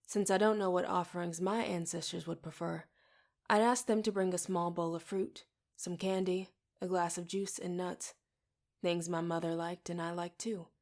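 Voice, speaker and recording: A woman narrating an audiobook in the first person, low-pitched with a gravelly fry. Her reading is steady and intimate. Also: normal speed. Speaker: audiobook reader.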